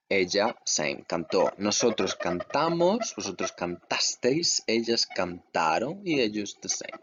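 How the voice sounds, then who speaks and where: A man's voice: on the low side, sing-song, measured pace, few pauses, fairly bright tone. A man teaching grammar over slides, explaining patiently and checking in with "okay" as he goes. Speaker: Spanish teacher. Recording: dull lo-fi voice recording with faint noise.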